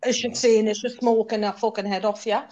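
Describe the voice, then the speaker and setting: A woman chatting casually in a group, complaining in an animated way. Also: a little high, fast, muffled recording. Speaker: livestream chat participant.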